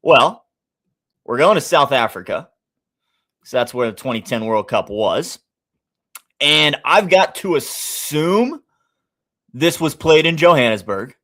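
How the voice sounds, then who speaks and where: A man with a Midwestern American accent hosting a live sports stream, chatting casually, thinking aloud and shouting out viewers in the chat. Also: on the high side, lively intonation, takes it slowly, pauses often. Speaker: sports betting stream host.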